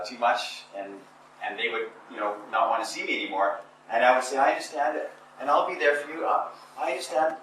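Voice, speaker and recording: A man's voice: on the low side, a bit bright, distant mic, a little hiss or hum. A man telling embarrassing stories from his youth to a small group, self-mocking and acting out scenes, in a casual talk. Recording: echoey room, speaker away from mic.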